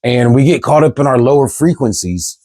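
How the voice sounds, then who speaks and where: A man rants straight to his camera, profane and exasperated, hammering rhetorical questions. His voice sits at a middle pitch. The sound is dry and close, with no room echo. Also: lively intonation, brisk, warm tone. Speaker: vlogger. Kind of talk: candid ranting monologue.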